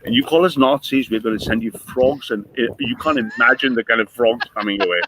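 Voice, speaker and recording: A man hosting a reaction stream, ranting in a profane, mocking, animated way. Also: mid-range voice, brisk, noisy background. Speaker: stream host. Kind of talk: reaction commentary.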